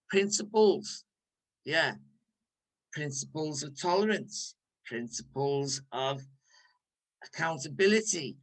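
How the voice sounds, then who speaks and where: A man's voice: a little high, fairly bright tone, low-quality recording. A man with a Liverpool accent, leading a recovery workshop in a candid, conversational way with frequent restarts. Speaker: workshop leader.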